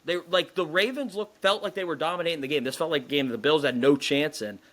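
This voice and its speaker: A man's voice: fairly high pitch, quick pace, fairly bright tone. A man co-hosting a sports podcast, chatting casually in long, rambling runs. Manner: talkative, rambling. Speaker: podcast co-host.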